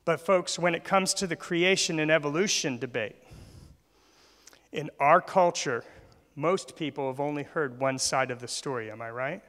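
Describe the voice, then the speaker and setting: Male church speaker with a fairly high, forceful voice who quizzes the audience. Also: moderate pace. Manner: asks the audience questions. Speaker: guest speaker. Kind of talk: church talk. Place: church hall. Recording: long hall reverb.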